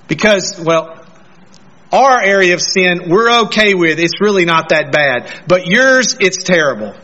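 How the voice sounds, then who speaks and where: A man's voice: sits high, pushed and bright. Man, pastor, sermon, earnest, questioning the congregation, muffled lo-fi sound.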